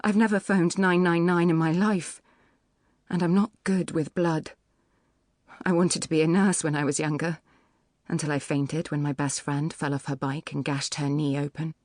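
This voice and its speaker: Low-voiced woman reading an audiobook. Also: fairly even intonation, normal speed, a little mellow, no echo, studio quality. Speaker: audiobook narrator. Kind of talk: scripted first-person narration. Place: recording studio.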